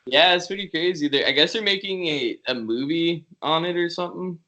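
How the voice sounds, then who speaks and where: A man's voice: fairly high pitch, fairly quick, pushed and bright, highs cut off. A man co-hosting a podcast who chats in a loose, laid-back way and swears casually. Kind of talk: casual chat.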